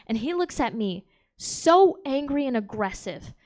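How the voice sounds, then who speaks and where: A woman's voice: high-pitched, big pitch swings, unhurried, darkish tone. A woman doing a stand-up set on a comedy club stage, brash and bawdy, laughing at her own jokes. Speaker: stand-up comic.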